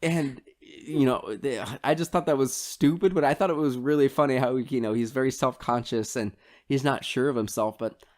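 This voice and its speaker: A man's voice: medium pitch, normal speed, darkish tone. A man co-hosting a podcast, reviewing a film in casual chat and hedging his points with frequent fillers and restarts. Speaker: podcast co-host.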